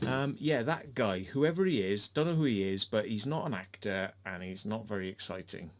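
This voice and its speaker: A man giving a casual film review, rambling and swearing with lots of fillers and restarts. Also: mid-range voice. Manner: rambling and profane, with many fillers.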